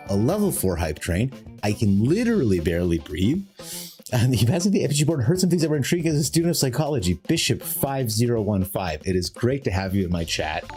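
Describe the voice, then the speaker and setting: A man chats on his live stream in a lowish voice that leaps around in pitch. He is jokey and gushes over his viewers. Faint music plays behind him. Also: darkish tone. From Canada. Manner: effusive and jokey, gushing thanks to chat. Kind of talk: casual live-stream chat.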